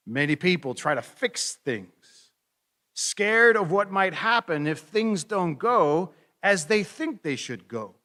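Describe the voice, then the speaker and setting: A middle-aged male pastor delivers a sermon with a lively, swinging voice that rises and falls a great deal. He tells the story conversationally and drops in playful asides. His voice sits a little high for a man.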